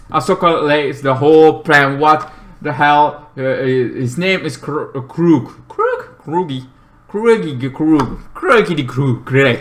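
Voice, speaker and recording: A man rambles through an episode recap, leaning on fillers and restarts. His voice is bright and forward, and he jumps into shrill, shouted character bits before dropping back to a low mumble. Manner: rambling, filler-heavy retelling, bursts into loud high-pitched character voices. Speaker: TV show reviewer. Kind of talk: casual episode recap with acted-out lines.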